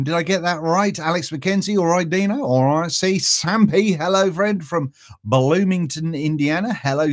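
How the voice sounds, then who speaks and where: A man hosting a casual live stream, reading out viewer greetings in a chatty, self-mocking way and stumbling over names. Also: on the high side. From East Anglia. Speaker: vaping channel host.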